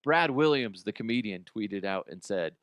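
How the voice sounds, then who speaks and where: A man's voice: fairly low pitch, lively intonation, normal speed, smooth, no room sound. A man hosting a comedy news show, rambling and swearing through odd headlines in disbelief. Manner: profane, rambling, incredulous. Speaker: comedy news podcast host. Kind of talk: casual comedic news commentary.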